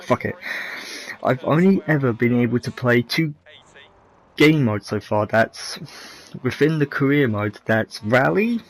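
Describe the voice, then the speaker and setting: A man's voice: mid-range voice, poor audio. A man giving casual, rambling commentary over racing game footage, candid and often correcting himself mid-sentence. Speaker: gaming video creator.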